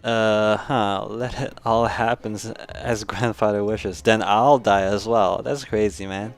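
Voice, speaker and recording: A man's voice: lowish voice, fairly even intonation, slow pace, faint music behind. A man streaming a story game, reading its text aloud and reacting casually. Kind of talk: let's play reading and commentary.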